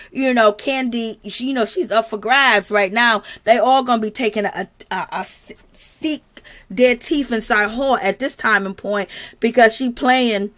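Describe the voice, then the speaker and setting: Chatty gossiping woman, higher voice. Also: a bit bright. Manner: chatty, gossipy, addresses viewers as girl. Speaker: commentary channel host. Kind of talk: casual recap chat reading viewer comments.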